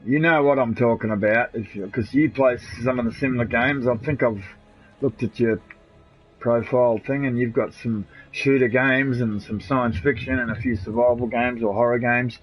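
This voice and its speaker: A man's voice: medium pitch, steady tone, normal speed, faint music behind. A man with an Australian accent chatting loosely and swearing to his friends while he streams a video game. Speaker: gamer streaming live. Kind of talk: casual live-stream chat while gaming. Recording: dull lo-fi console stream audio.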